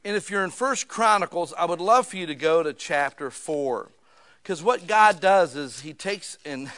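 A middle-aged man delivers a sermon with a relaxed, joking manner, dropping playful asides between passages he reads aloud. His voice sits slightly higher than most men's. The preaching feels conversational rather than formal. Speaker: pastor.

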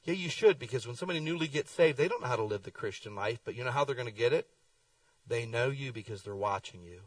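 A middle-aged man preaching a sermon, telling folksy stories with lively swings in his voice. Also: medium pitch, fast talker, dry recording, far from the mic, poor audio. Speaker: pastor. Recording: dry sound, speaker away from the mic.

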